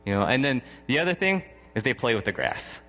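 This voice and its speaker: A man's voice: medium pitch, big pitch swings, brisk, bright, forceful tone, faint music behind. A man in his thirties preaching a sermon, telling a personal story in a conversational way and chuckling often. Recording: long hall reverb.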